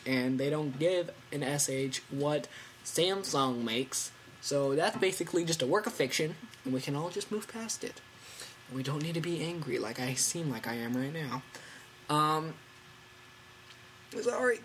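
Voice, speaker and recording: A fifteen-year-old boy hosting a casual tech podcast from home, rambling and excitable with lots of fillers. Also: a little high, moderate pace, slight background noise. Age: teens. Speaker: podcast host.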